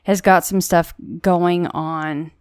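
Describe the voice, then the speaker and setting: A woman with a low, smooth, clear voice hosts a casual interview, talking in a chatty, reassuring way with plenty of fillers. The sound is dry and close, with no room around it. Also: fairly even intonation, slow, a little mellow, no room sound. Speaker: podcast host.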